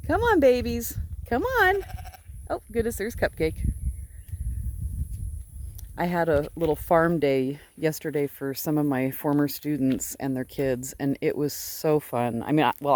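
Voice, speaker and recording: A woman's voice: sits low, darkish tone, a little hiss or hum. A woman filming a casual vlog outdoors by a pasture, chatting and cooing at her sheep in a sing-song voice. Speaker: sheep farmer. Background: faint sheep bleats.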